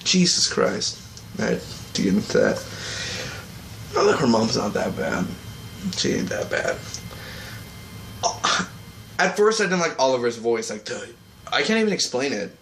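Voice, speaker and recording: A man giving a casual, rambling vlog review of a TV episode. He often breaks into quick mocking voices for the characters. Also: medium pitch, very animated, fairly bright tone. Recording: echoey room with faint ambient noise.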